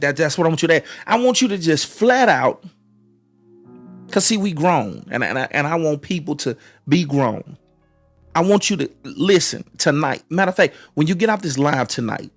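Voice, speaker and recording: A man hosting a live stream, giving relationship advice in a preachy way, repeating phrases and restarting often. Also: on the high side. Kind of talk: motivational live-stream talk.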